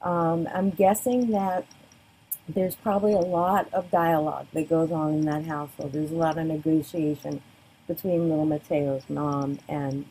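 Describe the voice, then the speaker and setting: A Bay Area woman delivers a recorded sociology lecture conversationally, often checking in with "right?" and acting out quoted voices with big jumps in pitch. Her voice is dark and husky with a level tone at moderate pace, on a low-quality recording.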